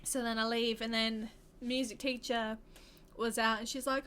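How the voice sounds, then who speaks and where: A woman's voice: on the high side, level tone, unhurried, fairly bright tone. An Australian woman in her twenties telling a personal story to camera, candid and rambling, often restarting her sentences. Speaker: vlogger.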